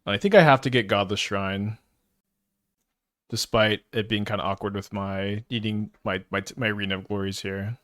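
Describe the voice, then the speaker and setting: A man's voice: lowish voice, steady tone, normal speed, a bit bright, no echo, studio quality. A man giving casual live commentary while playing a card game, stuttering and restarting often as he thinks aloud. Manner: stutters, many restarts and fillers.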